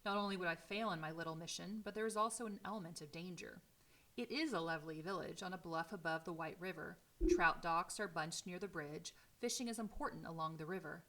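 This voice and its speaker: A woman teacher reading a novel aloud in a steady, clear storytelling way. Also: fairly low pitch, brisk.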